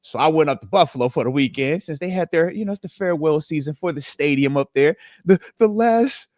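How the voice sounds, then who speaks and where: A man, a former pro football player, co-hosting a casual sports podcast and telling animated stories. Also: fairly high pitch, fairly quick, no room sound, clean studio sound. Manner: animated storyteller, acts out voices.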